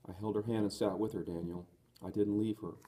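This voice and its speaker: A man's voice: fairly low pitch, fairly even intonation, fairly quick, close to an everyday voice. Rosa, a man reading as an earnest young woman. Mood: grieving. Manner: earnest, gentle. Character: young woman, tender and resolute.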